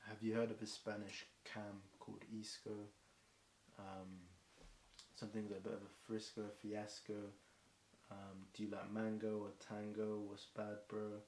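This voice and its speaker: Here a British freestyle rapper goes on a long, rambling improvised rhyme with frequent ums. He speaks a little slowly in a lowish, monotone, slightly mellow voice. The room echoes and there's faint hiss.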